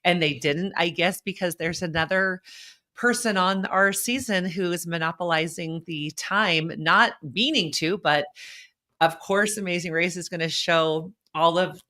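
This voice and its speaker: A woman hosting a live online chat, telling stories in a chatty, animated way with quick asides. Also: lowish voice. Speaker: vlog host and former race contestant.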